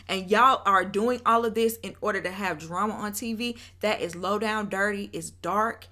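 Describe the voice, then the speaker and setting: Bright-voiced woman ranting on reality TV. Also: medium pitch. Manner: opinionated, animated, addresses viewers directly. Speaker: reality TV reviewer, channel host. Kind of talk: casual commentary rant.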